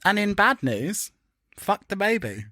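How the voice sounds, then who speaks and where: A man's voice: big pitch swings, unhurried, sharp tone, dry recording, studio quality. A man co-hosting a podcast, chatting casually in a camp, sarcastic way. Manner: camp, sarcastic, big swoops in pitch. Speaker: podcast co-host. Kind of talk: casual chat.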